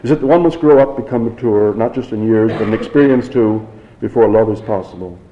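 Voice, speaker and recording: A man's voice: on the low side, dull audio, lightly acted. A man reading as an eager young woman student. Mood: excited. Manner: quick, eager. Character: young female student, quick and excited.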